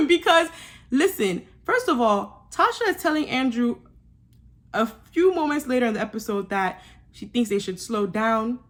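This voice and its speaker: A young woman giving a sassy, animated recap of a reality show, with laughing asides. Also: a little high, normal speed. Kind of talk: casual recap commentary.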